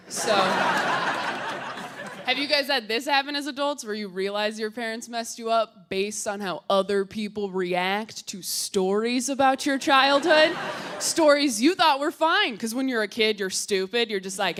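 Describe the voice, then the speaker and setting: A woman's voice: on the high side, moderate pace, a bit bright. A young woman doing a stand-up comedy set on stage, wry and punchy, slipping into quoted voices. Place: comedy stage before a live audience. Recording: noisy live stage recording.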